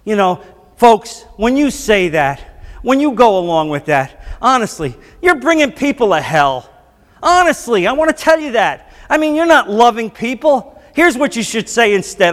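A male pastor delivers his sermon in a high, ringing voice. He drives his points with impassioned emphasis. The sound carries a long, echoing hall reverb. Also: lively intonation, a little slow, a bit bright. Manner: impassioned preaching, rising to emphatic declarations.

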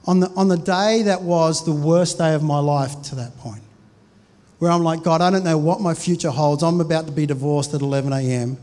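A man's voice: fairly high pitch, brisk, darkish tone. A man in his forties, a pastor preaching a sermon in a conversational, storytelling way with frequent restarts. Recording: reverberant hall.

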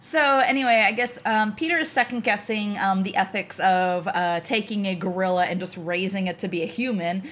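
A woman's voice: mid-range voice, a little fast, few pauses. A woman co-hosting a casual movie-review podcast. Her delivery is wry and sarcastic, and she breaks into laughter often as she recaps the plot. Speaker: podcast co-host.

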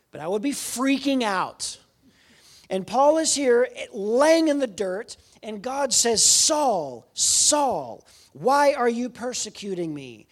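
A man preaching a sermon as a guest speaker, telling stories with animation and swinging between loud and quiet lines. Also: sits high.

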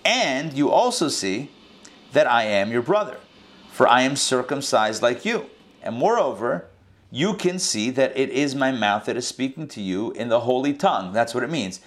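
A man teaching a scripture lesson verse by verse, in a conversational way with quick asides and restarts. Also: medium pitch, lively intonation. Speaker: Torah teacher. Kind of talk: casual verse-by-verse Bible lesson.

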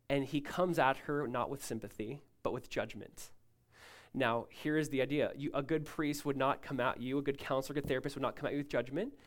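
A male pastor preaching a sermon, emphatic and rising loud, then dropping to a hushed tone, often asking listeners to follow along. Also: mid-range voice, steady tone, fairly quick. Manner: asks the congregation to follow along.

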